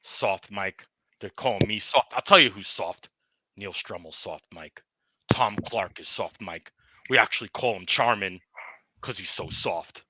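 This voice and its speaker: A man's voice: on the low side, unhurried, bright, forceful tone, no echo. A man playing a bragging, aggrieved bowling ball. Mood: defiant. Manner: boastful trash talk, repeats the host's name. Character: aggrieved urethane bowling ball, tough-talking male. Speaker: guest. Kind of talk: comedic podcast skit.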